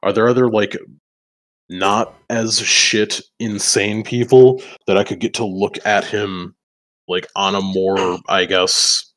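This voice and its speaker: This man's voice is lowish and fairly bright, slow-paced, with little pitch movement. Playing a tabletop role-playing game, he rambles loosely in and out of character, swearing heavily and laughing between lines.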